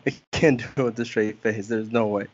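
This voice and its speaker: Young dude podcast host, keeps giggling mid-sentence, dry dull sound. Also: male voice, lowish voice, fairly even intonation, fairly quick, dry recording. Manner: keeps breaking into laughter while reading. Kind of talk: casual podcast banter.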